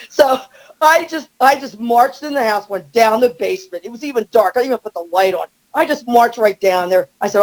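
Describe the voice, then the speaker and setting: Animated storytelling woman, high voice. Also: moderate pace, rough recording. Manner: animated, acts out quotes with rising pitch. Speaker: guest. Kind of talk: storytelling in casual chat.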